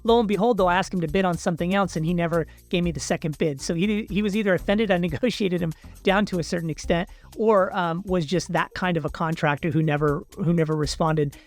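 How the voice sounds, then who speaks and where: A man's voice: high voice, fast, soft background music. A man hosting a video, casually telling a personal story with fillers and asides to the viewers. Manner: chatty, animated retelling with fillers, addresses viewers as people. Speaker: video host.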